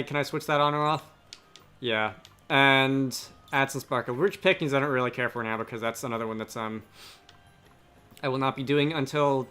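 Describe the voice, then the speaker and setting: Bright-voiced man narrating gameplay. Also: medium pitch, smooth. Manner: rambling, self-correcting. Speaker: let's play host. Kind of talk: casual gameplay commentary.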